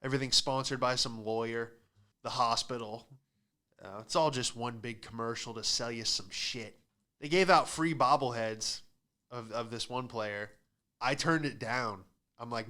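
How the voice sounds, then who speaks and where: A man's voice: medium pitch, a little slow, sharp tone. A young man hosting a podcast, telling stand-up-style stories in a sarcastic, ranting way and acting out other people's voices. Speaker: podcast host and stand-up comic. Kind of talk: casual comedic monologue.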